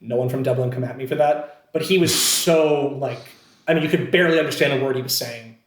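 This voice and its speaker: A brisk, mid-range male voice belongs to an actor from Scranton, Pennsylvania, USA, appearing as a podcast guest. He tells a story casually and self-deprecatingly, with plenty of fillers and restarts, and the room sound is echoey.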